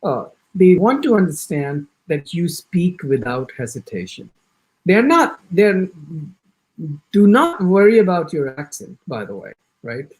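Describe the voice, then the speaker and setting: A man with an American accent giving an exam-prep orientation lecture, talking in quick bursts with frequent restarts and acting out sample answers. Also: high voice. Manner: animated, talks fast in bursts with many restarts. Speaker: IELTS instructor.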